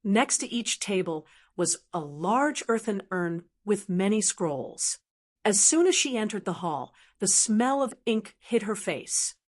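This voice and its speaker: Vrouw die rustig een luisterboek voorleest. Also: female voice, mid-range voice, sing-song, a little slow. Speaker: audiobook narrator. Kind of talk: audiobook narration.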